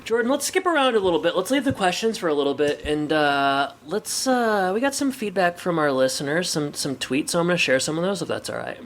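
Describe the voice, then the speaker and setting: A man's voice: on the high side, animated, fairly quick, hardly any pauses, a bit bright, slight background noise. A man co-hosting a podcast in casual chat, rambling with lots of filler words. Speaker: podcast co-host.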